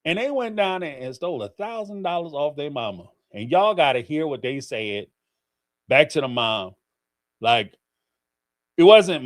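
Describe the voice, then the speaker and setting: Middle-aged male host with a lively, high voice, theatrical and laughing in casual commentary. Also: a little slow, pauses often. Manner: animated, theatrical, laughing storyteller. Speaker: host of a call-in livestream.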